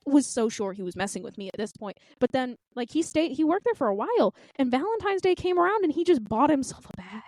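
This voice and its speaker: A young woman in her twenties co-hosts a chatty podcast, her pitch swinging widely as she tells a story with intense, theatrical outrage. Her voice sits a little high and sounds dry and close, with no room around it. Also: big pitch swings, fast, few pauses, darkish tone, dry recording. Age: 20s. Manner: intense, dramatic storytelling with acted-out quotes. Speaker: podcast co-host. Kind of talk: casual chat.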